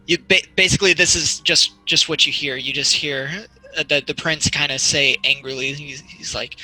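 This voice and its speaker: A man running a tabletop role-playing game as game master, narrating scenes haltingly in the second person. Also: a little high, pushed and bright, rough recording.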